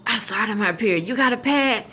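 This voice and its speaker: A woman's voice: a little high, a little fast, pushed and bright, slightly rough. A woman voicing her teenage best friend, pressing and informal. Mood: urgent.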